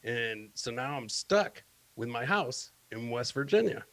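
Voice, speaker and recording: Guest comic, man from Michigan, bright tone, easygoing storyteller. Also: medium pitch, expressive, unhurried, no room sound. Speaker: comedian, podcast guest. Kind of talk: casual comedy podcast chat.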